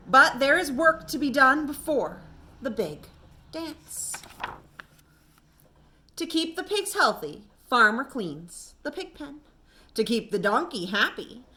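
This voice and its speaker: Slow, bright-voiced woman reading to kids. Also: high-pitched. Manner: gentle, expressive storytime reading. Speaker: children's librarian. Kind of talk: reading a picture book aloud to kids.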